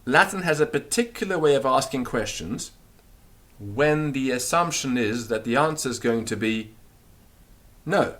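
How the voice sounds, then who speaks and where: A man teaching a recorded grammar lesson, explaining and repeating words slowly so they can be drilled. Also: medium pitch, expressive, a bit bright. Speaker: language teacher.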